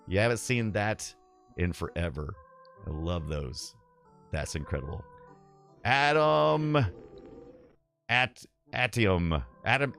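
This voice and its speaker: A middle-aged man from the southeastern US talks through a live game stream in a fairly low voice. He rambles nostalgically and chats with viewers between moves. Soft game music plays underneath. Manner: rambling, nostalgic, reads chat aloud.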